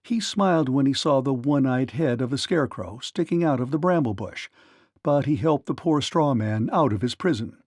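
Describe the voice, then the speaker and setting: A man narrating a children's read-along story in an animated storytelling manner. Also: medium pitch, moderate pace, no room sound, clean studio sound.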